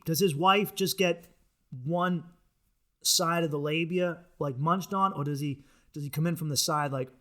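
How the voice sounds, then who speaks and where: Bright, high-voiced profane comedian man. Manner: crude, rambling, profane. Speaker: podcast host. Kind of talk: comedic monologue.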